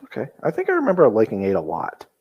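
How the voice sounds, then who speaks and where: A man's voice: on the low side, huge pitch swings, quick pace, breathy edge, no echo, highs cut off. A man from the Midwest co-hosting a wrestling podcast, easygoing and full of questions. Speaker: podcast co-host. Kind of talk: casual wrestling chat.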